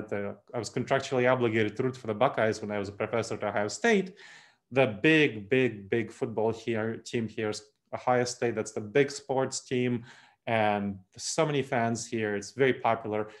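Male keynote speaker, middle-pitched, animated and emphatic delivery. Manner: animated, emphatic, with light laughs and asides. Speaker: speaker on unconscious bias. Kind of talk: presentation talk.

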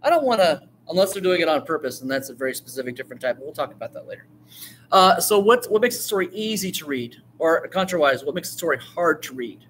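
A man teaches storytelling to a class in an animated, chatty way, acting out quotes and throwing questions to the room. His voice sits a little high. A faint hiss runs under the recording. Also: fast. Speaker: writing teacher. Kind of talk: lively classroom talk on storytelling.

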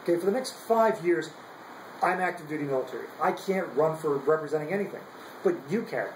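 A man's voice: fairly high pitch, expressive, a little fast, roomy sound, noisy background. A young man on active military duty, giving a heated, profane political rant full of repeated words. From United States. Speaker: active duty service member.

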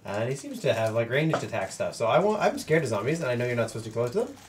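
A man playing a board game with friends, chatting with wry, quick asides. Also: mid-range voice, sing-song, slight background noise. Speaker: player on a game stream. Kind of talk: casual chat at the game table.

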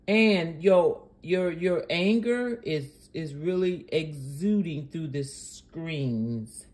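A woman's voice: fairly low pitch, extremely slow, darkish tone. A woman hosting a reaction channel, commenting sarcastically and indignantly on a preacher's clip.

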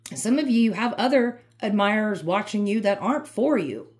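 A woman's voice: medium pitch, animated, normal speed. A woman giving an emphatic, repetitive, fired-up tarot reading. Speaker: tarot reader.

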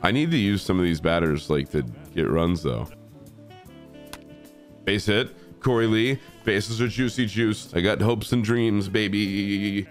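A young man with a stuffy cold, excitedly and profanely commentating his own baseball video game play, mocking players and yelling at the screen. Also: lowish voice, unhurried, faint music behind. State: congested from a cold. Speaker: gaming streamer. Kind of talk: casual gameplay commentary.

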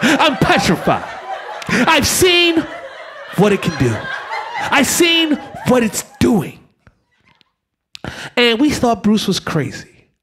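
A man doing a profane stand-up comedy set on stage, swinging from shouting to a hushed mock-calm voice. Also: very high-pitched, slow pace, pauses often, background noise. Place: stage before a live audience.

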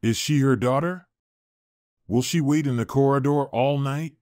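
A man's voice: mid-range voice, moderate pace, darkish tone, dry recording, clean studio sound, close to an everyday voice. A man voicing a polite, concerned young man who is helping a lost girl, in an earnest, courteous tone.

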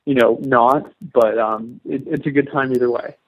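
Canadian musician on a dull line. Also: male voice, medium pitch, steady tone, moderate pace, breathy edge. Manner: rambling, with many fillers and restarts. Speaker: musician guest. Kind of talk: casual interview answers.

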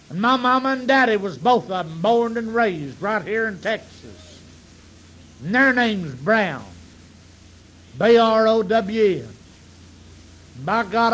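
A man voicing a loud, boastful old Texan who drawls slowly and spells out his name. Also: high-pitched, heavily acted.

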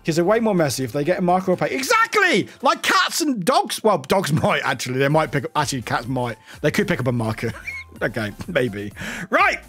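A rambling streamer, a man chatting loosely with his viewers between bits of play. His voice sits a little high and swings widely in pitch. He laughs often and swears casually, with faint music under him. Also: lively intonation, quick pace, slightly rough. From United Kingdom. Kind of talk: casual chat with viewers while gaming.

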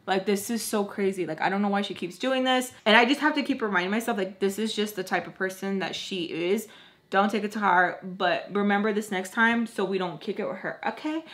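A young woman vlogger casually telling a storytime while doing her makeup, animated and exasperated, acting out the voices in her quotes. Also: mid-range voice, brisk.

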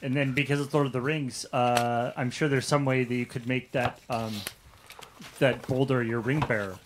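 Male stream regular, rambling and filler-heavy, clear background noise under the voice. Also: mid-range voice, fairly even intonation, normal speed. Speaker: show regular. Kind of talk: casual chat on a card-game stream.

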